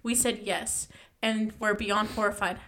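A woman's voice: mid-range voice, flat delivery, a little slow, fairly bright tone, slight background noise. A young woman casually reading a ghost story aloud, stumbling and correcting herself as she goes.

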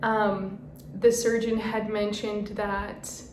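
A woman's voice: medium pitch, level tone, slow pace, darkish tone. Chatty young woman in an echoey room. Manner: chatty, frequent "like" fillers, laughs at herself. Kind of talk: casual personal storytelling. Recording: roomy echo, faint background noise.

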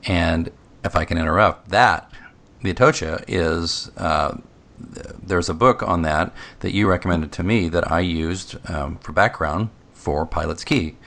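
A man hosting a podcast interview, jokey and quick to cut in with asides. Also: sits low, gravelly, a bit bright. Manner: jokey, interrupting, self-deprecating. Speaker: podcast host.

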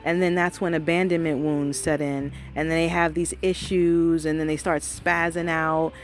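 With soft music playing behind her, a woman speaks in a low, level voice at a moderate pace, recording a motivational talk for her own channel. The tone is earnest and conversational; she addresses everyone as "y'all" and often checks in with "you know what I mean?"

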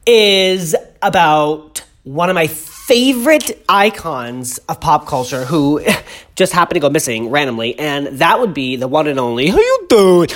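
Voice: medium pitch, a bit bright. A congested podcast host rambling through pop-culture gossip at home, chatty and full of tangents, gushing with ironic exaggeration. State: congested, clogged throat.

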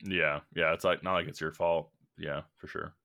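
A man's voice: a bass voice, steady tone, moderate pace, pushed and bright, clear, resonant tone. A young man co-hosting a podcast, casually telling a work story in a rambling way with lots of fillers and restarts. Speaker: podcast co-host.

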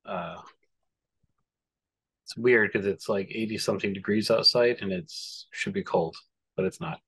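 A man's voice: fairly low pitch, a little slow, a bit bright. A man chatting casually in an easygoing way. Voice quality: gravelly. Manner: easygoing, brief replies. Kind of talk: casual chat.

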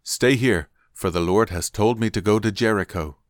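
A man's voice: lowish voice, normal speed, dry recording, clean studio sound, voice pushed up, natural voice. A man voicing Elijah, a solemn old prophet.

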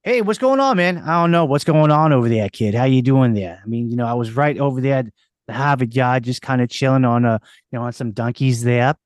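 A man's voice: medium pitch, fairly quick, no echo, clean studio sound, lightly acted. A man putting on a crude, bossy Boston guy with a Boston accent, rambling brashly. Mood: rowdy.

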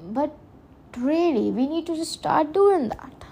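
A woman hosts a casual solo podcast, rambling earnestly, often correcting herself and laughing. Her voice is high, gravelly, and warm, a little slow, with lively intonation.

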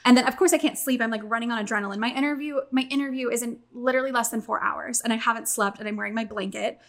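A young adult woman telling a long story in casual chat, animated and swearing, acting out quotes. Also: fairly high pitch, rapid-fire.

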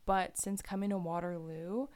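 A woman's voice: fairly low pitch, moderate pace. A woman from near Toronto co-hosting a podcast in casual chat, talking freely and laughing often. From Canada, near Toronto. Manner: chatty, laughs often, animated quoting. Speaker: podcast co-host.

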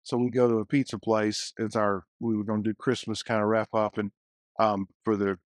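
A man's voice: fairly low pitch, fairly quick, no room sound. Man telling stories in a dry booth. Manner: storytelling, animated quotes, many restarts. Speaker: guest youth minister. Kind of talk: casual podcast conversation.

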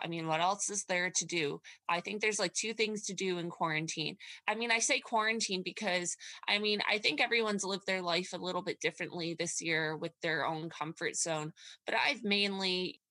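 A woman's voice: lowish voice, pushed and bright, dry recording. A woman co-hosting a podcast in casual chat, rambling along with many asides. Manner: rambling, lots of fillers and restarts. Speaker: podcast co-host.

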